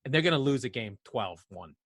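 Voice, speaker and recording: A man's voice: mid-range voice, lively intonation, brisk, fairly bright tone. A man from France co-hosting a podcast, chatting casually with a teasing, sarcastic sense of humor. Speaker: podcast co-host. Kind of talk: casual chat.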